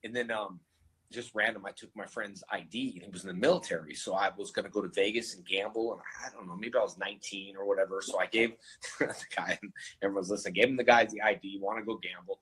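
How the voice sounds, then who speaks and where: A man with a husky, slightly breathy voice spins casual anecdotes in an interview. He is animated and acts out the voices of people in his stories. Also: on the low side, quick pace, low-quality recording. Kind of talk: casual storytelling.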